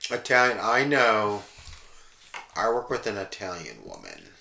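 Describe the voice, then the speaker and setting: Lively, bright-voiced man cohosting. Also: on the low side, a little slow, vocal fry. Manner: rambling, jokey, slips into voices. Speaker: podcast cohost. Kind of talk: casual chat. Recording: roomy echoey room.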